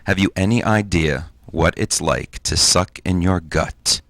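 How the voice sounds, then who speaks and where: A man's voice: sits low, a little slow, gravelly, fairly bright tone, dry recording. A comedian in his forties from New Jersey doing a campy, self-deprecating stand-up set as a talk show guest. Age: 40s.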